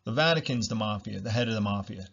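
A man's voice: lowish voice, quick pace, vocal fry, a bit bright. Guy ranting solo on his podcast, swears a lot, keeps repeating himself, kinda dull lo-fi sound. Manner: blunt, repetitive, swears freely. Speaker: podcast host.

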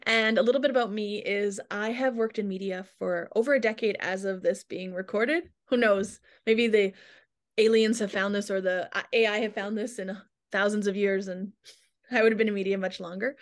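A woman's voice: mid-range voice, fairly even intonation, normal speed. Chatty woman hosting a podcast. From Alberta, Canada. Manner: chatty, self-deprecating, emotional at times. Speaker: podcast host. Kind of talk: casual podcast chat.

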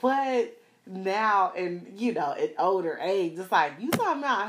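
Slow-talking laughing storyteller woman. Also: medium pitch, noisy background. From South Florida. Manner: animated, laughs often, slangy, addresses viewers. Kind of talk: casual storytelling to camera.

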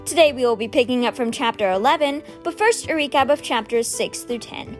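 Expressive woman reading a novel aloud. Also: high-pitched, brisk, faint music behind. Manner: expressive storytelling. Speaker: host of a read-aloud podcast.

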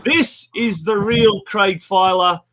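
A man's voice: sits high, takes it slowly, fairly bright tone. A man hosting a football show in a chatty manner, full of fillers and restarts. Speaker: host.

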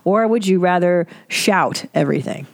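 A quiet-spoken woman co-hosting a podcast in casual chat, laughing often. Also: lowish voice, normal speed, gravelly. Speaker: podcast co-host.

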